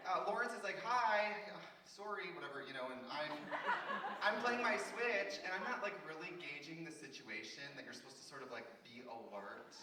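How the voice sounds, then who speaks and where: A man in drag holds a live crowd with campy, chatty stories, his slightly high voice swooping up and down as he mimics the people in them. The sound is distant and ringing, caught from far off in a big echoing room. A loud wash of noise and laughter sits under it. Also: expressive, fairly quick. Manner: chatty, campy storytelling with put-on quoted voices. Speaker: drag performer. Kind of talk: live stand-up banter. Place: festival theater stage before an audience. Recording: echoey, distant, noisy live room recording. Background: audience laughter.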